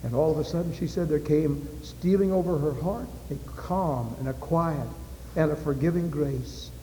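An impassioned male preacher delivers his sermon, his voice fairly high but mellow in tone. It swells toward loud climaxes and drops back to quiet. The sound carries a long, roomy echo, with faint ambience behind it. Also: normal speed, a little hiss or hum. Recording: echoey hall with faint ambience.

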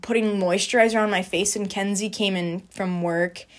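A woman's voice: mid-range voice, steady tone, moderate pace. A young woman, a college student, chatting casually about her freshman year, bubbly and full of "like" and "um". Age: young adult. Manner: chatty and bubbly, heavy use of "like" and "um". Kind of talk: casual storytelling chat.

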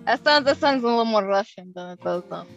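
A woman's voice: mid-range voice, expressive, fast talker, vocal fry, highs cut off, faint music behind. A woman co-hosting a podcast, chatty and giggly in casual conversation. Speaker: podcast co-host. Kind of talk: casual chat.

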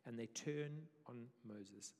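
A male pastor delivers a conversational sermon in an animated, easygoing way. His voice sits in an ordinary middle register. A long reverb trails off each phrase. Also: mid-range voice, slow pace. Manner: conversational, animated, self-deprecating. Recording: reverberant church hall.

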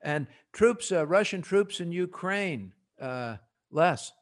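A man with a New Jersey accent hosting a podcast panel, animated and joking as he prods his guests with quick questions. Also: high-pitched. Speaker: podcast host. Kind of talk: casual panel discussion.

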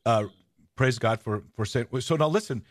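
A man hosting a podcast and telling a story with enthusiasm in casual chat. He rambles, restarts often and gets excited. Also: mid-range voice, normal speed. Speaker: host.

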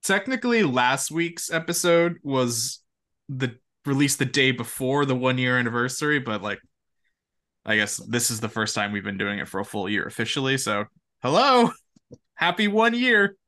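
Bright-voiced young man telling stories. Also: medium pitch, normal speed. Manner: animated, laughing, quotes friends in voices. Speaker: podcast co-host. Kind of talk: casual chat, storytelling.

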